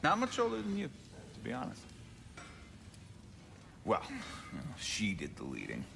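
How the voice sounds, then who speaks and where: A man's voice: mid-range voice, wildly swooping pitch, measured pace, vocal fry, big-room sound, background noise, heavily acted. An actor playing an easygoing, fun-loving male leader with a laid-back, joking manner, in a video game cutscene. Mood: reflective.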